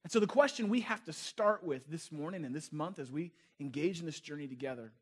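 Playful high-voiced male pastor. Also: lively intonation, fairly quick, few pauses, slightly rough. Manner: conversational, playful, asks the crowd questions. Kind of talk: sermon.

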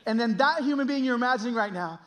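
High-voiced, animated male preacher. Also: fast. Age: middle-aged. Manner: animated, conversational, self-deprecating. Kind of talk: storytelling sermon.

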